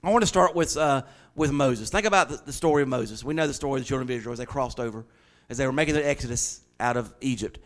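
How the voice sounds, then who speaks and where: A man preaching a sermon as pastor, swinging from loud, rising declarations to hushed, confiding stories. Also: mid-range voice, fast, hardly any pauses.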